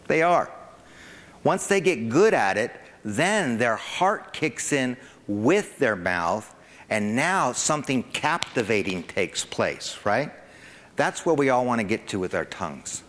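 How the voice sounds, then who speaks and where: Animated preacher in a reverberant hall. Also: male voice, unhurried. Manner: animated, acts out parents and toddlers with rising pitch. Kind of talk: sermon.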